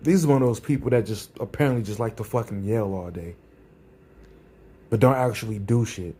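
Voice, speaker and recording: A man's voice: lowish voice, brisk, dark tone, slightly rough. A man ranting in a vlog, sarcastic and combative, often repeating his phrases for emphasis. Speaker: vlogger. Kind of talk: ranting commentary.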